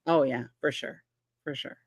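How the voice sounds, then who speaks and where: Animated, laughing woman host, dry sound. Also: very deep voice, normal speed, dry recording. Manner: laughs often, animated storytelling. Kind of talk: casual chat reading live comments.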